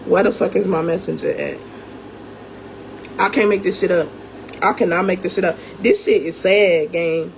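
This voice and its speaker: A woman's voice: on the low side, moderate pace, vocal fry, slight background noise. A young woman in an angry storytime rant, profane and confrontational, talking straight to her viewers. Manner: calls viewers "gang", talks straight to them. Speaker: vlogger.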